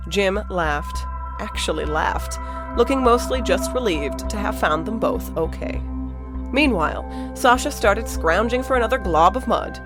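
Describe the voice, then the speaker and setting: A woman narrating her own audiobook in a steady, even storytelling manner. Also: medium pitch, unhurried, over music. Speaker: narrator and author.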